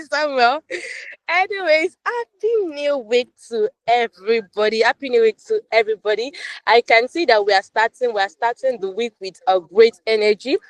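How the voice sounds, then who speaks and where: A woman's voice: fairly high pitch, no room sound. Upbeat woman hosting a live class. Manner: upbeat, repeats phrases, many fillers. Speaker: online class tutor. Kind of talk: live-stream class chat, reading viewer comments.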